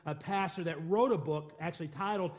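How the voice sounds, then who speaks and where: A pastor with a slightly high voice preaches at a fairly quick pace. He hammers his points home through repeated declarations and rhetorical questions, calling on the congregation to respond.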